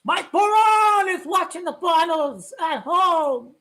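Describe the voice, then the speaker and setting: A woman ranting about basketball as a sports vlogger, loud and excitable, often shouting and repeating herself. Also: extremely high pitch, slow.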